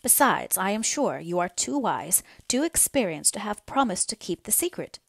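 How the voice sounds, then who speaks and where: A woman's voice: mid-range voice, sing-song, normal speed, vocal fry, no room sound. A woman voicing an earnest, anxious young daughter in an audiobook reading, her lines pleading and near tears. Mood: earnest, insistent. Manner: pleading, then breaking into tears.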